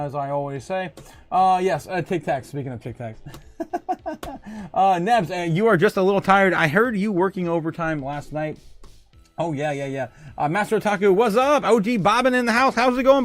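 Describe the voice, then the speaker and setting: Male streamer, higher-pitched, rambling jokey chat with lots of laughs. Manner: jokey and rambling, laughs often, many fillers; swings from muttering low to loud excited calls. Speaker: livestream host. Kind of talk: casual livestream chat, reading chat messages.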